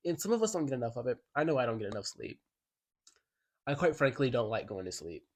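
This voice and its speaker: A man's voice: medium pitch, very animated, fast. A man giving a chatty, enthusiastic album review as a YouTuber, filling his talk with "like". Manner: chatty and enthusiastic, heavy use of "like". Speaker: music commentary YouTuber. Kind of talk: casual album review commentary.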